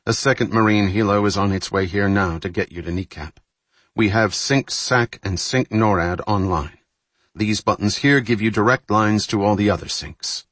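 A man's voice: fairly low pitch, moderate pace, fairly bright tone, no echo. A man voicing a male Navy officer giving a formal briefing in an audiobook reading.

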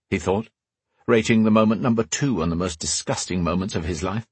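Man, audiobook narrator, low voice, very raspy, dry close sound, measured fantasy narration. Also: no room sound.

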